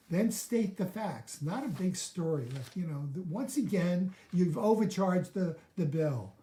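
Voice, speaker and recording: A man's voice: sits high, very animated, unhurried, warm tone, roomy sound. A man coaching on a live video, walking through steps one by one and acting out sample lines of dialogue. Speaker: relationship coach.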